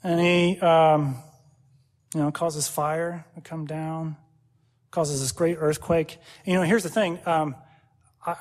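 A male pastor preaching with an animated, expressive delivery, acting out the lines he quotes. His voice sits high for a man. It rings out with a long hall reverb. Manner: animated, acts out quoted prayers and dialogue, laughs often. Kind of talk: sermon.

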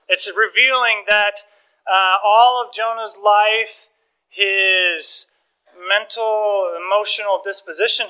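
A man preaching a sermon, telling stories with lively acted-out dialogue and frequent chuckles. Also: high-pitched, rough recording. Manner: animated storytelling, acts out dialogue, chuckles often. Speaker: pastor.

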